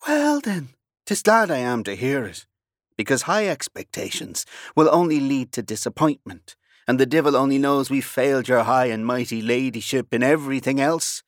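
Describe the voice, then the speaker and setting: A man playing a blunt, short-tempered sea captain with an Irish accent and a gruff manner. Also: fairly low pitch, lively intonation, normal speed, fairly bright tone, no room sound, studio quality. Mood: exasperated.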